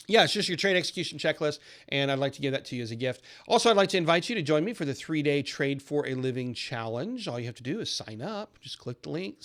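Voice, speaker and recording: A man hosting a trading channel, giving an upbeat, persuasive recorded lesson that shifts into a sales pitch. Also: clear, resonant tone. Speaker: trading educator and channel host. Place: lives in a southern US city.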